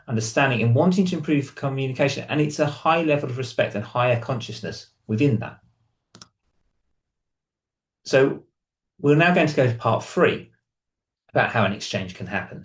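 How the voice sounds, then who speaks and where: A man's voice: medium pitch, echoey room. A male hypnotherapist speaks to camera in a teaching manner. He works through examples and changes his tone to read out sample lines. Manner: explanatory, reads example lines aloud in different tones. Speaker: hypnotherapist and relationship counsellor. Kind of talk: explaining to camera.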